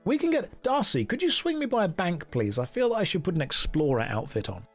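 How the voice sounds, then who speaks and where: A man's voice: sits high, very animated, a little fast, faint music behind. A man streaming a game, chatting casually, joking and reading chat aloud. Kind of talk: casual gameplay commentary.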